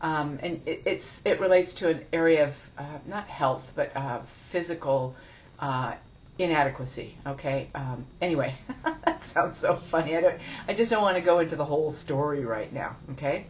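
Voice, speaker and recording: A woman's voice: deep voice, normal speed, slight background noise. A woman giving a spiritual teaching talk in a chatty, self-deprecating way, laughing often. It sounds like a dull lo-fi recording.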